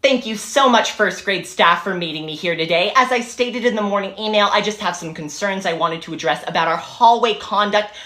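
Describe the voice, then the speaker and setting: A woman voicing a haughty, condescending female teacher who talks slowly and coldly down to a colleague. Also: medium pitch, sharp tone, reverberant, close to an everyday voice. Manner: slow, haughty, clipped. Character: condescending female senior teacher, prim and icy.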